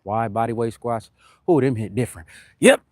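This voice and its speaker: A young man from California with a Californian accent, chatting in slang during a live-stream workout and giving shout-outs to viewers, a little short of breath between sets. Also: medium pitch, animated, moderate pace, no echo. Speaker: fitness streamer.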